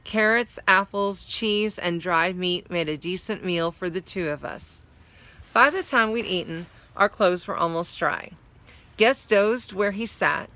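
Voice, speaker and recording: A woman reads a story aloud in a bright, forceful voice, pitched a little low. She pauses now and then to explain a word. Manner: explains hard words while reading. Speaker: story reader.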